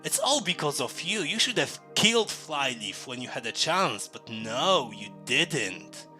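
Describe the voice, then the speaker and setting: A man's voice: fairly high pitch, big pitch swings, a little slow, sharp tone, faint music behind, heavily acted. A man voicing a scornful dream version of a tiny winged windling woman, speaking in a sneering, accusing way.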